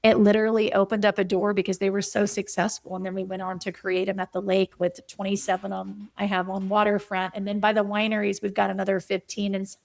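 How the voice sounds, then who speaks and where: A middle-aged woman, a physician and property investor, telling stories in a podcast interview with an energetic, emphatic coaching tone. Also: medium pitch, fast talker, gravelly, few pauses, dry recording. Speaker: physician and real estate investor guest.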